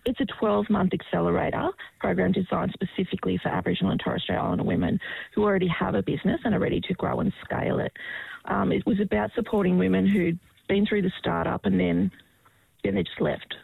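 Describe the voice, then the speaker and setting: A woman's voice: medium pitch, steady tone, fast, no echo. A woman guest on a radio interview, explaining a program in an earnest way. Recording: rough phone-line sound.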